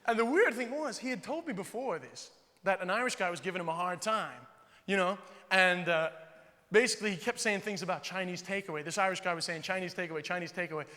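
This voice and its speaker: A man from the United States doing stand-up storytelling, animated and quick. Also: high voice, big-room sound. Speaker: stand-up comedian.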